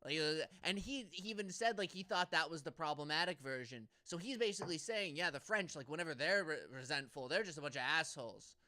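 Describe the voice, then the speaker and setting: A man's voice: fairly high pitch, expressive, brisk, hardly any pauses, pushed and bright, dry recording. A young man co-hosting a casual comedy podcast, rambling and stammering through restarts. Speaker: podcast co-host.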